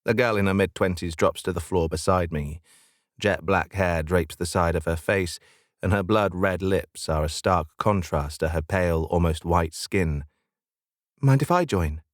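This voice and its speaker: Low-voiced guy reading a story first person, dry close sound, kinda wry. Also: fairly even intonation, moderate pace, no echo. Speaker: audiobook narrator. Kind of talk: first-person audiobook narration.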